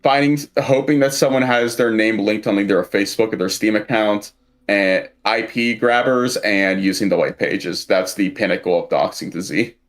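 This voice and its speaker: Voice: medium pitch, normal speed. A podcast host in casual chat, joking and teasing his guest.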